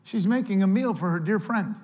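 A man's voice: sits high, expressive, brisk, dark tone. A male pastor preaching a sermon in an earnest, conversational way, often speaking straight to the church.

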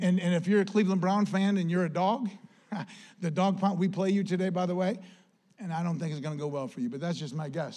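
A man preaching a sermon as pastor, passionate and conversational, with jokes and asides mixed into his points. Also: high voice. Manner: impassioned, rising to near-shouts when quoting Paul.

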